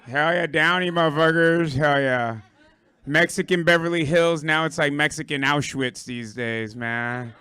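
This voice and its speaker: Hoarse, profane stand-up comedian. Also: male voice, a little high, measured pace, bright, forceful tone, no room sound. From Puerto Rico. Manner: profane, rambling, riffing with the crowd. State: hoarse, lost his voice. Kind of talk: stand-up set. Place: comedy club stage.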